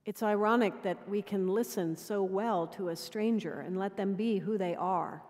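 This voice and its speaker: A woman dean preaching a sermon in measured storytelling, sometimes dropping to quiet intimacy. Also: medium pitch. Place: cathedral. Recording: long cathedral reverb.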